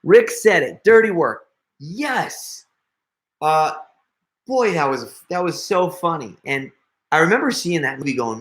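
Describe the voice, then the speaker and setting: A man's voice: on the high side, sing-song, moderate pace. A middle-aged man chatting casually with viewers on a live stream, joking and laughing often. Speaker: prank video creator hosting a live stream.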